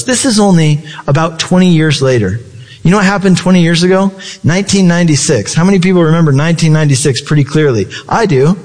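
A man's voice: a little high, in a large hall. A male pastor preaching a sermon in a conversational way, posing rhetorical questions to his congregation.

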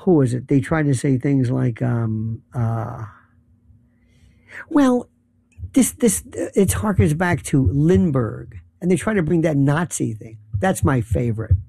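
Gravelly dark-voiced guy ranting about politics, lots of rhetorical questions, dry close sound. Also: medium pitch, lively intonation, a little slow, no room sound. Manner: emphatic, rambling, rhetorical questions. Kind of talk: opinionated political monologue.

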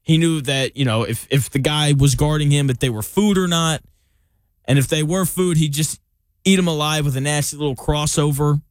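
A young male sports talk host with a somewhat high voice, recorded dry and close with no room sound. He talks casually and opinionatedly, tossing in jokey asides as he makes his case. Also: moderate pace, no echo.

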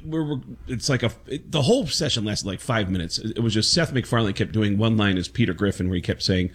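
Man, comedian guest, animated storytelling, husky voice. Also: on the low side, fast, hardly any pauses. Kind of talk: casual storytelling interview.

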